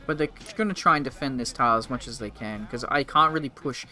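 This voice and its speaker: A man's voice: mid-range voice, quick pace, pushed and bright, soft background music. A man in his twenties casually commenting on a strategy game during a live stream, rambling and swearing. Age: 20s. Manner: rambling, profane, joking with chat.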